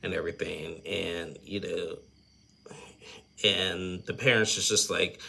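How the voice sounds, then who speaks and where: A man with a low, gravelly, husky voice recaps a reality show casually, speaking slowly with frequent pauses and a steady tone that still has a bright, sharp bite. He rambles, piles on fillers, and throws in blunt opinions and chuckles.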